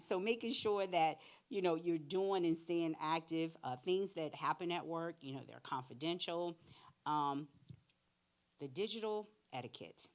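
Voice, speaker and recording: Low-voiced, animated woman storyteller. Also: normal speed. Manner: animated storyteller, acts out both sides of conversations; direct, candid, plain-spoken. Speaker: career readiness speaker. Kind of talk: church workshop talk with acted-out anecdotes.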